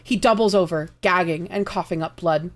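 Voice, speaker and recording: A woman streamer reading a dark fantasy story aloud live, narrating in an expressive, dramatic way. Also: on the low side, normal speed.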